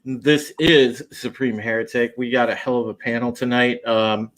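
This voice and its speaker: A man's voice: mid-range voice, fairly even intonation, normal speed, fairly bright tone. A man hosting a podcast and running a casual live-stream panel intro, loose and chatty with many fillers and restarts. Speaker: podcast host.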